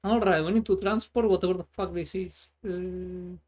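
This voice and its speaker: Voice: medium pitch, fairly even intonation, moderate pace, darkish tone. A streamer chatting casually while playing a trucking game, rambling and sarcastic, swearing freely. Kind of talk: casual gameplay chat.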